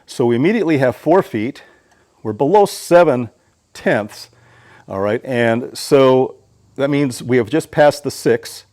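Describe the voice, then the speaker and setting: A man's voice: medium pitch, expressive, unhurried, darkish tone, no echo. A man hosting his own DIY channel who gives a patient, plain-spoken how-to explanation. He often stammers and restarts his sentences.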